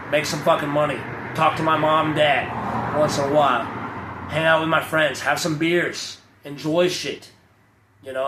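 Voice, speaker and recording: A young man launches into a blunt, swearing rant, slipping into mocking voices of the people he argues with. His voice sits a little high, and the sound bounces around an echoey space. Loud ambient noise hangs behind him. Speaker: vlogger. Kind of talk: profane off-the-cuff rant.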